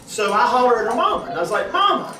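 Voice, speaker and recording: A man telling a folksy, animated testimony at a church gathering, acting out the voices in his story. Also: very high-pitched, rapid-fire. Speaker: church member giving a testimony. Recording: echoey room, distant mic, audience noise.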